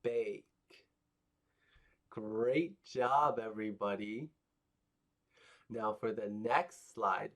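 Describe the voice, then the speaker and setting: A man's voice: lowish voice, very slow, pauses often. A man teaching phonics to young children, patient and encouraging, repeating sounds for them to copy.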